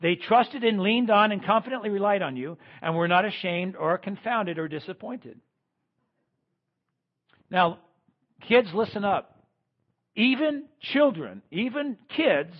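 Male pastor, sermon, high husky voice, loud-and-quiet emphatic preaching, dull lo-fi recording. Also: normal speed.

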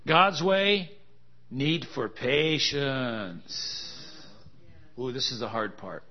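A man's voice: medium pitch, extremely slow. A man preaching a sermon, with joking, laughing asides and emphatic contrasts that build in intensity. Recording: dull lo-fi sound.

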